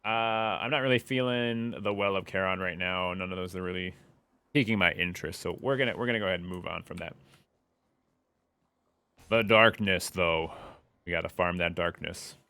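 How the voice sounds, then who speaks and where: A man's voice: sits low, normal speed, sharp tone, clean tone, dry recording. A young man giving playful live commentary as he plays a game, humming along and taunting enemies. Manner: playful, taunts enemies and hums while playing. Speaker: streamer.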